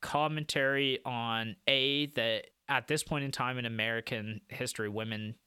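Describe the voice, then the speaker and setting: A man's voice: mid-range voice, steady tone, moderate pace, bright, forceful tone, clean tone, no room sound, studio quality. A man in his thirties co-hosting a film podcast, casually explaining film trivia. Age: 30s. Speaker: podcast co-host.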